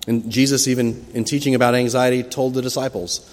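A male pastor delivering a sermon, telling the story expressively and rising loudly when he acts out the disciples' cries. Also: mid-range voice, brisk. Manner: expressive storytelling, acting out quoted cries with sudden loud rises. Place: church sanctuary. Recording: long hall reverb from a church.

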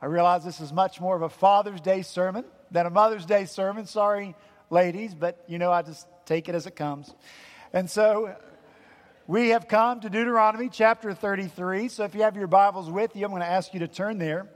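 High-voiced pastor in a reverberant church. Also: male voice, steady tone, brisk. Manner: earnest, conversational preaching with rhetorical asides. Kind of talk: sermon. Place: church sanctuary. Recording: long church hall reverb.

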